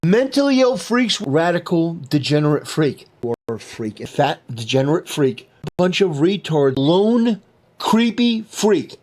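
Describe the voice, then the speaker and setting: A man with a somewhat high voice rants through a string of online commentary clips. Every line is a short, contemptuous jab delivered with open scorn. The tone is clipped and dismissive throughout. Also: darkish tone. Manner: contemptuous, clipped name-calling. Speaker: YouTube commentator.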